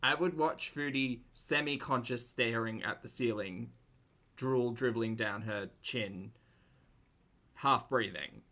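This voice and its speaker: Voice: mid-range voice, slow pace, sharp tone. A YouTuber giving dry, sarcastic reaction commentary over a stream clip.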